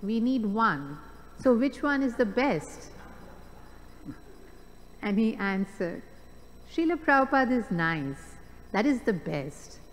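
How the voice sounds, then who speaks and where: A woman's voice: a little high, big pitch swings, slow, pauses often. A woman in a class reading a memoir passage aloud with rising emphasis. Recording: distant voice in a reverberant hall.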